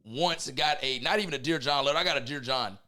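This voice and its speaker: A man's voice: medium pitch, quick pace, sharp tone. A man, a comedian guest on a podcast, telling crude stories in casual chat, often laughing.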